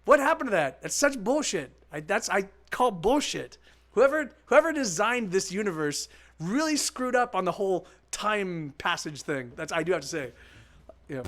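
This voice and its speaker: A man's voice: high voice, big pitch swings, moderate pace, fairly bright tone. A middle-aged man, a musician on a live stream, chatting casually between songs, rambling and restarting, with some swearing.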